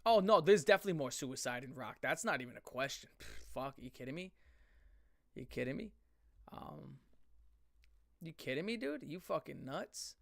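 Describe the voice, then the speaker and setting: A male streamer rants through a live show, his voice pitched a little high and recorded close and dry. He rambles from point to point and swears constantly. He often stops mid-sentence and starts over. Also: animated, normal speed, vocal fry, pauses often, no echo. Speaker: streamer reacting to chat. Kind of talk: profane live-stream rant.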